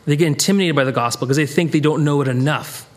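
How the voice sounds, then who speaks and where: An American man leading a Bible study, talking it through casually with lots of restarts and sudden bursts of emphasis. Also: quick pace. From United States. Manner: animated, rambling, self-interrupting, jumps in pitch for emphasis. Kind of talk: conversational Bible teaching.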